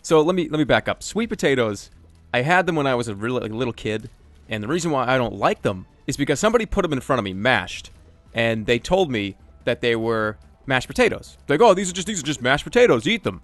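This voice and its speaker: A man answering viewer questions in a casual voice-over, joking and self-deprecating, talking in a lively, animated way. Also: mid-range voice, brisk, no room sound, faint music behind.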